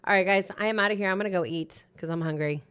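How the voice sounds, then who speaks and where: A woman's voice: medium pitch, very fast, a bit bright, clear, resonant tone. A woman hosting a live co-working stream, chatting casually and reacting eagerly to her viewers' messages. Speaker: livestream host.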